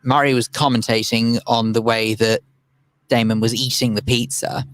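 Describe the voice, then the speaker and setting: A man's voice: mid-range voice, flat delivery, normal speed, a bit bright. A man co-hosting a casual radio chat show, wry and conversational.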